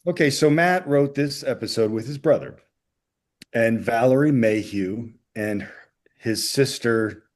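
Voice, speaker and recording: A man co-hosting a podcast, telling stories in an animated, playful way over a video call. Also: mid-range voice, measured pace. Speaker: podcast co-host. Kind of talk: casual podcast chat.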